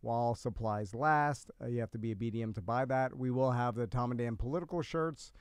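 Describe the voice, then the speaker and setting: Smooth-voiced radio co-host. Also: male voice, medium pitch, fairly quick, no room sound. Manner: laughs often, riffs on jokes. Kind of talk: casual radio show banter. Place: radio studio.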